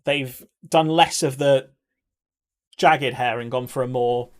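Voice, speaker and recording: A young man talks loosely to his stream chat, reacting to what viewers send and breaking into laughs. His voice sits at an ordinary middle pitch for a man. The talk is relaxed and unscripted. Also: slow, smooth. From England. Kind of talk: casual live-stream chat.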